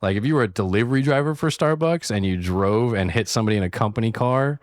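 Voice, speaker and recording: Brief: man, podcast co-host, very low voice, teasing casual chat, dry studio sound. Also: quick pace, no echo. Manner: teasing, laughs often.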